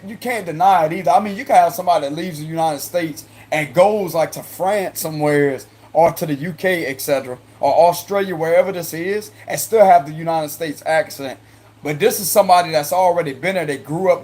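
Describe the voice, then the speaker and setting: A man's voice: high voice, a little mellow. A man with a Cajun accent giving a casual, rambling tarot reading to viewers, repeating himself and chuckling in asides. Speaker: tarot reader.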